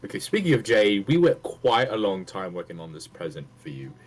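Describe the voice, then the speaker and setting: A man's voice: fairly low pitch, big pitch swings, a little fast, breathy edge, soft background music. A man putting on a chipper British adventurer. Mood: hammy. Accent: put-on British. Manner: hammy, laughs and breaks character. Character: eager adventurous young man writing a letter.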